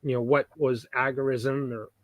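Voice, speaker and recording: A man's voice: medium pitch, flat delivery, moderate pace, no room sound. A man co-hosting a podcast, explaining things in chatty casual talk. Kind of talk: casual chat.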